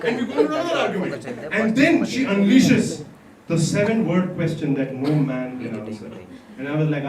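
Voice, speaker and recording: A man from India performing a stand-up comedy set, acting out arguments with his wife in an animated way. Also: sits high, fast talker. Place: comedy club stage. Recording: echoey club with loud laughing crowd, from a distance.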